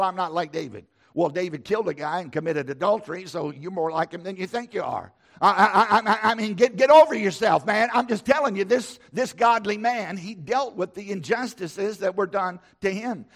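A man's voice: sits high, gravelly. A middle-aged man preaching a sermon, emphatic and repetitive, with a preacher's cadence. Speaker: pastor.

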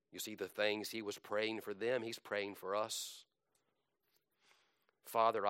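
A man preaching a sermon, reciting scripture in a slow, dramatic delivery that swells and drops. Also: on the low side, fairly bright tone, clean tone, no room sound, clean studio sound.

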